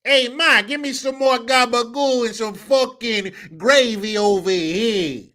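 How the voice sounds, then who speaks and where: A brash, profane Italian-American mob-style father bellows his lines in a voice pitched up and pushed loud, as a man puts him on. The drawl is gruff and drawn-out, the sound bright and cutting. He comes across as a stage mobster over the dinner table. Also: exaggerated voice. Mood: bellowing.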